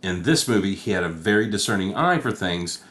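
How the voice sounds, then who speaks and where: A man's voice: sits low, lively intonation, fairly quick, a bit bright. A man co-hosting a podcast, chatting casually and profanely about movies and acting out scenes. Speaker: podcast co-host.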